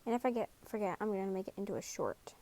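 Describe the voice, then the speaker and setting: A woman's voice: mid-range voice, sing-song, quick pace, warm tone. A young woman in her bedroom casually reading a second-person fan story, with chatty, self-deprecating asides. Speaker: fan fiction narrator.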